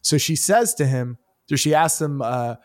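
Animated, cursing comedian telling stories. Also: male voice, a little high, normal speed. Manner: animated storyteller, swears freely, acts out the people in his stories. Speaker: stand-up comedian, podcast co-host. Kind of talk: casual chat.

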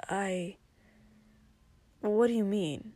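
A woman voicing a drunk young prince who mutters in a low, slurred voice. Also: very slow, mellow, no echo. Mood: protesting. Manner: low muttering, some lines whispered. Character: young drunk male prince, quiet and stubborn.

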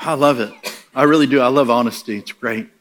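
An American man preaching in a storytelling style. His voice is bright and forceful, and he slips into animated comic voices for the people in his story. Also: medium pitch, brisk. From United States. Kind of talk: storytelling sermon.

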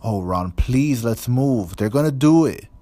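A man's voice: lowish voice, lively intonation, measured pace, dark tone, dry recording, voice pushed up. Man doing a pleading teenage girl. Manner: pleading, breathy.

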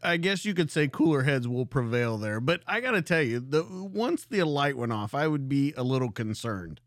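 A man's voice: mid-range voice, very animated, moderate pace, no room sound, clean studio sound. A man hosting an interview, reacting with wry, conversational remarks. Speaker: podcast host. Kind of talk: casual interview chat.

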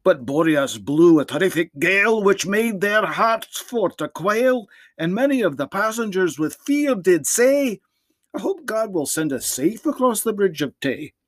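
A priest guesting on a podcast, reciting a poem theatrically in a put-on Scottish dialect. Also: male voice, sits high, very animated, unhurried, dry recording. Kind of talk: dramatic poem reading.

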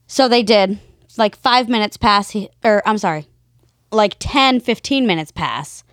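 A woman's voice: medium pitch, unhurried, a bit bright, dry recording, studio quality. A young woman animatedly telling a story in casual podcast chat.

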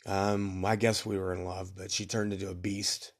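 This podcast storyteller speaks at normal speed in a deep voice with little pitch movement. In a casual memoir format, he rambles about his youth, cursing freely and laughing at his own tales.

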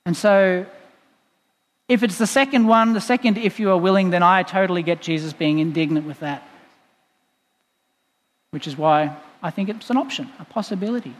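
High-voiced pastor preaching in a reverberant church. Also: male voice, moderate pace, pauses often. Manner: conversational, playful asides, explanatory. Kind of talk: sermon. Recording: long reverb in a church hall.

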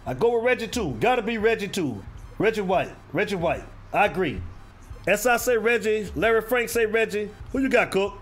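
High-voiced man hosting live sports chat. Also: lively intonation, moderate pace, a bit bright, faint music behind. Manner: drawling, repeats names, calls out viewers. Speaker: live stream host. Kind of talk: casual live sports talk.

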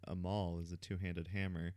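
A man's voice: sits low, flat delivery, moderate pace, darkish tone. A man, a player in a tabletop game, chatting casually and explaining things for listeners.

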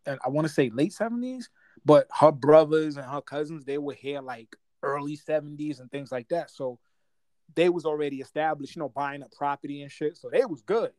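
Speaking fairly quickly in a slightly high voice, a man from Guyana in his forties tells stories in a loose, slangy, lively way, laughing along. The recording is dry and close, with no room sound.

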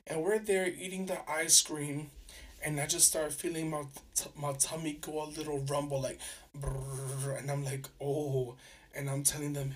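A young man hosting a podcast, telling stories in a chatty, animated way with lots of fillers and restarts. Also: a little high, moderate pace. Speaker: podcast host. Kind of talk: casual solo podcast storytelling. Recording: voice a bit distant from the mic.

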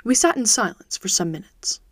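A woman reading a classic detective story aloud as host of her audiobook podcast, steady and even. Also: mid-range voice, brisk, breathy edge, no echo, studio quality. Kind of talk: audiobook narration.

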